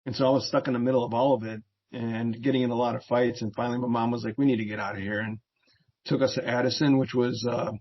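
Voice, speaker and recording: Talking fast in a mid-range voice, this middle-aged American, a veteran turned therapist, shares youthful stories as a guest on an interview. He's laid-back, laughs a lot, and mimics the voices of those he quotes; the recording sounds dull and lo-fi.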